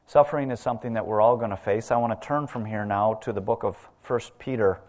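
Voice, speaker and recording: A man preaching a sermon, retelling scripture and swinging between loud emphasis and quiet, low asides. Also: fairly quick. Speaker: pastor.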